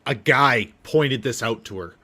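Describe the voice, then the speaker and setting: A man on a stream panel, weighing his opinions in a measured, casual way. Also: mid-range voice, sharp tone. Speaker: panel guest. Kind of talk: casual live stream chat.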